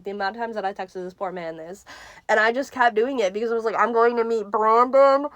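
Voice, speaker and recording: A young woman telling a casual story-time vlog, excitable and giggly and swearing freely. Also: mid-range voice, no echo, clean studio sound. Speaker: vlogger.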